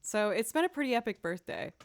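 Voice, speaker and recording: A woman's voice: on the high side, big pitch swings, a little fast. A woman chatting casually with viewers on a live stream, playful and goofy. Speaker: streamer and violinist.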